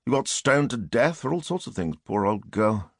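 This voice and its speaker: A man's voice: medium pitch, very animated, normal speed, no room sound, studio quality. A man voicing a brooding, self-pitying middle-aged murderer in a musing inner monologue from an audiobook.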